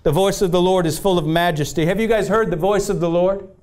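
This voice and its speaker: A man's voice: sits high, fairly even intonation, fairly quick, darkish tone. A man preaching a sermon with passion, repeating phrases and reading scripture aloud. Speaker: pastor.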